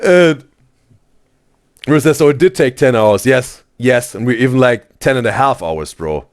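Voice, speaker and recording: Animated man reading out stream chat. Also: mid-range voice, normal speed. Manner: animated, exclaims "bro" constantly, laughs often.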